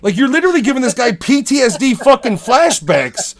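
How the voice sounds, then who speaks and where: A man's voice: very high-pitched, sing-song, moderate pace, few pauses. A man hosting a podcast, ranting in casual, profane chat. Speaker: podcast host.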